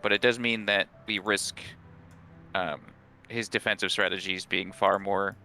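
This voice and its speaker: A man with a bright, forward tone talks through the party's plan in a tabletop game. He thinks aloud, restarts his sentences and weighs each option. Soft music plays behind him. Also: sits low, steady tone, unhurried. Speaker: player. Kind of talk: casual tabletop game chat.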